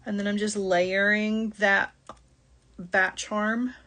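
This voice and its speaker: A woman's voice: medium pitch, little pitch movement, takes it slowly, bright, forceful tone. A middle-aged woman hosting a live jewelry-making shopping stream, chatty and apologetic, laughing often. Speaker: jewelry-making show host.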